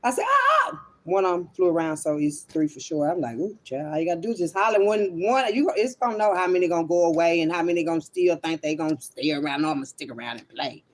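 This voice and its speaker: A woman's voice: on the low side, big pitch swings, fast. A woman rambles to her online viewers in a loose, unscripted monologue. She is blunt and swears freely, calling her listeners child and honey as she talks. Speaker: online spiritual reader. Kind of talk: casual livestream monologue.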